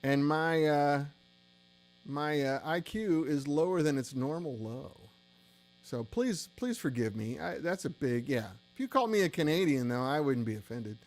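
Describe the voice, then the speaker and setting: A man's voice: fairly high pitch, expressive, moderate pace. A tired, middle-aged man hosting a casual gear-shop livestream, chatty and rambling with self-deprecating asides.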